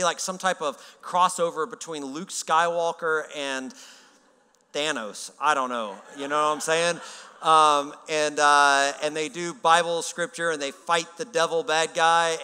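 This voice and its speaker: A male pastor with a smooth, bright, pushed voice on the high side tells a story in his sermon, casual and humorous, acting out the dialogue he quotes. He's in a large church hall, and the recording is reverberant.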